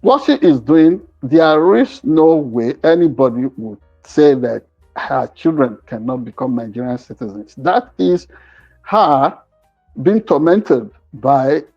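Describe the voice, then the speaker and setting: A man with a somewhat high voice gives opinionated commentary, pausing often on fillers as he builds his argument. His audio sounds a little dull and muffled. Faint music runs underneath. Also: darkish tone. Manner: hesitant, many fillers, searches for words while arguing. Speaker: news commentator.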